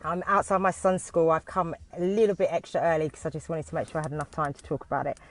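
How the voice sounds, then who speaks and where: A British woman who teaches dance talks into her phone from inside a parked car on a live video, nervous and halting, with frequent restarts. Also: sits low, steady tone. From United Kingdom.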